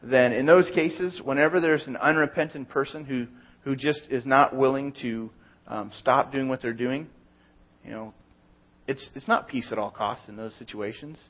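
A man's voice: mid-range voice, moderate pace, muffled recording. A man preaching a conversational sermon, working through plain everyday examples. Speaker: pastor.

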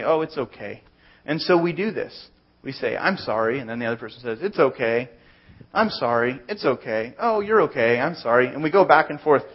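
A man's voice: mid-range voice, slightly rough, muffled recording. A man preaching a conversational sermon, working through plain everyday examples. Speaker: pastor.

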